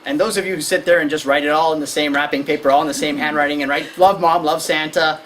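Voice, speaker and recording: A woman lecturing a room of parents, acting out kids and parents in high, playful voices. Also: fairly even intonation, racing, slight background noise, low-quality recording. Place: lecture hall.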